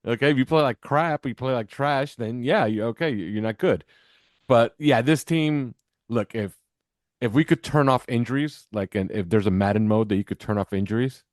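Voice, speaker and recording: A man's voice: medium pitch, moderate pace, no echo, studio quality. A man from New Jersey co-hosting a sports podcast, giving blunt, emphatic opinions in casual chat.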